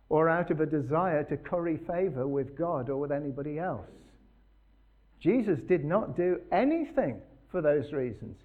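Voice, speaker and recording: A man's voice: a little high, highs cut off. A man preaching a sermon in an earnest, emphatic way, putting rhetorical questions to his listeners.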